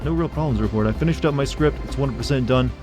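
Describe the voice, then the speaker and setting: Male streamer, casual live commentary, quick and self-deprecating, music underneath. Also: medium pitch.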